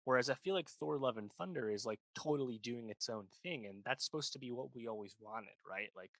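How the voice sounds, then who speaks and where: A man's voice: medium pitch, fairly quick, no echo. A man co-hosting a pop culture podcast, chatting casually and rambling, full of "like" and "you know, right?". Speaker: podcast co-host. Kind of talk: casual chat.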